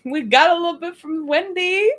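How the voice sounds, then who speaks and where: A woman co-hosting a casual writing stream, excitable and giggly. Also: extremely high pitch, normal speed. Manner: giggly and excitable, reads aloud in a put-on accent. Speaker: streamer co-host.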